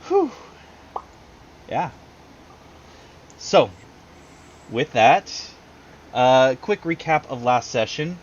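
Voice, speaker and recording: A man's voice: mid-range voice, animated, drawn-out words, long pauses, husky, dull audio. A man running a tabletop game over a video call, talking loosely with lots of fillers and laughing at himself. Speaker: game master. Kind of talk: casual tabletop game narration.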